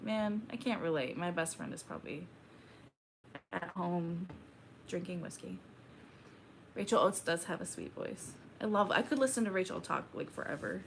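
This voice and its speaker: A young woman hosting a casual livestream, reading chat aloud and chatting back in a slow, laid-back drawl. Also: mid-range voice, expressive, creaky, a little hiss or hum.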